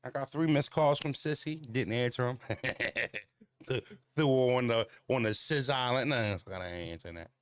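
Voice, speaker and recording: A man's voice: medium pitch, unhurried, clear, resonant tone, dry recording, studio quality. A man hosting a casual walking livestream, talking bluntly and profanely, rambling with lots of fillers and answering viewers' comments. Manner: talks back to viewer comments. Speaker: channel host.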